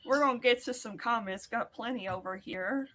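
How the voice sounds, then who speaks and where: Lady cohost with a bright tense voice, casual chatty talk. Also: on the high side, moderate pace. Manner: chatty, reads out viewer comments. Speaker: podcast co-host. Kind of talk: casual chat.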